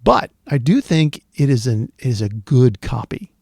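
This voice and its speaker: Guy with a gravelly voice doing a chatty mic review, lots of ums, dry close sound. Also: mid-range voice, big pitch swings, measured pace, darkish tone, no echo. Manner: chatty, thinking aloud with fillers. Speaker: tech video host. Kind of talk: casual gear review. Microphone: studio dynamic microphone.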